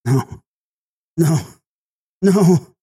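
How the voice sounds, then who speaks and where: A frightened young woman in a gothic horror audiobook, as a male narrator puts her on, her voice lifted well above his own and pleading in trembling cries. The tone stays dark and husky, close and dry to the mic. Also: deep voice, lively intonation, extremely slow, no echo, pitched above the performer's own voice, exaggerated voice. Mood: terrified. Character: terrified young woman after a vampire attack. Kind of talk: audiobook character voice.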